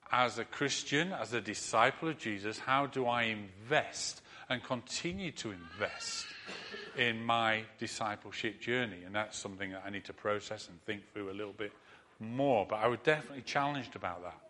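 A man preaching a sermon in a conversational, animated storytelling way with asides. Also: medium pitch.

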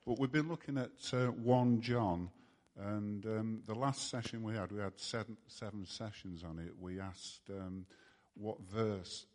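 A man speaking up at a church meeting about his fellowship group, pausing hesitantly with many fillers. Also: lowish voice, a little mellow.

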